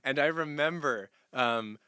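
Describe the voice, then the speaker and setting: Bright, clear-voiced young man streaming. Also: medium pitch, unhurried, dry recording, studio quality. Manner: relaxed, rambling, laughs often. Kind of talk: casual livestream chat answering viewers.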